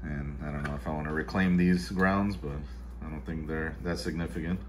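At home in his kitchen-dining room, a vlog host with a very deep voice chats casually while making coffee, speaking a little fast with fairly even intonation. He rambles, curses, and mutters to himself as he works, over slight background noise.

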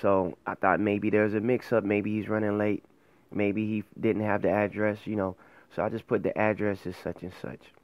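A man's voice: lowish voice, little pitch movement, normal speed, no echo. A man hosting his own faith show, talking casually and earnestly to camera, rambling and correcting himself as he goes. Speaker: host of an online faith show.

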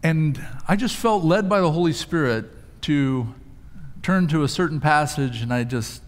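A male pastor delivers a sermon in a slightly higher voice, moving between storytelling and emphatic rises. His words ring out with a long reverb from a large church sanctuary. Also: expressive, a little slow.

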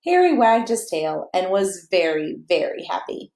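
A woman reading a picture book aloud to children in a playful, animated way, chatting to them and to her dog between pages. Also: lowish voice, a little slow. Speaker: children's story reader. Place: church or home room, echoey. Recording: echoey room.

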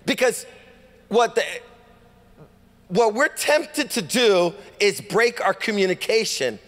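Californian male pastor, high voice, lively storytelling sermon, reverberant church hall. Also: slow. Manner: animated, acts out dialogue, rhetorical calls to congregation. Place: church sanctuary.

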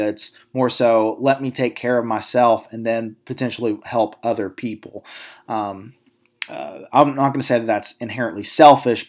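A man's voice: fairly low pitch, a little mellow. A man with a Southern American accent, a psychology instructor giving a recorded lecture over slides, speaking in a conversational way with many fillers and restarts. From Southern United States.

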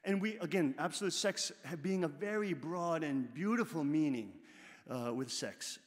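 A man's voice: on the high side, normal speed, in a large hall. A man giving a sermon-style talk, repeating phrases and building to emphatic bursts. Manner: repetitive, rising to emphatic bursts. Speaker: religious teacher.

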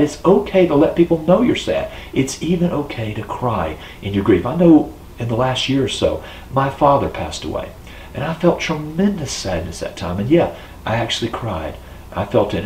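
Earnest pastor man, lively low voice. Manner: earnest, encouraging, reads scripture aloud. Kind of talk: children's sermon. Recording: echoey room with faint hiss.

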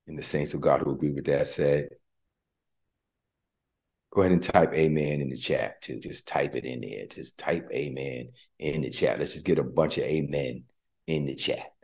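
A male preacher delivering a livestreamed sermon with call-and-response, at times quiet and emotional in prayer. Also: rumbling low, fairly even intonation, moderate pace, creaky.

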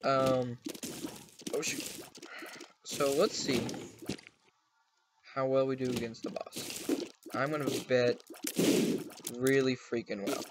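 Young male gaming host, goofy and chatty, mid-pitched voice, hissy home setup. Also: flat delivery, slow, pauses often. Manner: chatty, goofy, talks to his pets. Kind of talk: casual let's play commentary. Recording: noisy home recording.

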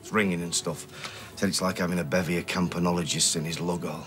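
A man's voice: sits low, little pitch movement, fast, music in the background, natural voice. An actor playing a joking working man who turns evasive and stammers. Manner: banter, then evasive stammering. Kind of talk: TV soap drama acting.

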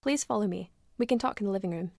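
A woman's voice: mid-range voice, fast talker, vocal fry, a little mellow, dry recording, clean studio sound. An actress voicing a polite, hesitant young mother in a game. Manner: polite, hesitant, a little wary. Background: game music.

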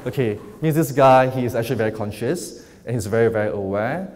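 A man's voice: mid-range voice, expressive, a little mellow. Man hypnotizing volunteers in hall. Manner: slow, soothing hypnotic induction alternating with upbeat stage talk. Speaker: lecturer and hypnosis demonstrator. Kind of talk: live public lecture with hypnosis demonstration. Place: large lecture hall with audience. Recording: echoey hall, faint noise.

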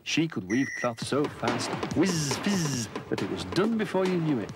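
A man's voice: mid-range voice, big pitch swings, moderate pace, over loud music. A man narrating a children's story in a playful way, savouring the sound words.

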